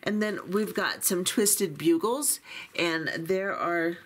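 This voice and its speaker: A woman with a fairly low voice hosts a beading channel and takes her time chatting through an unboxing. She's chatty and self-deprecating, with plenty of fillers.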